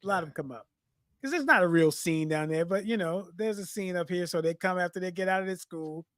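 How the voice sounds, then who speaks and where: A podcast co-host tells stories in a casual chat, animated and acting out the quotes. He speaks fairly quickly in a high voice, recorded with clean studio sound and no room sound.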